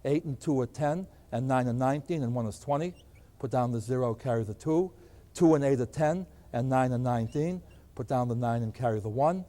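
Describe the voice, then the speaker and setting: A man's voice: medium pitch, a little fast, warm tone. An older man teaching arithmetic at a board, asking questions and answering them himself. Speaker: math teacher. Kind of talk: recorded classroom lecture. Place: lecture room at a board. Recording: long hall reverb.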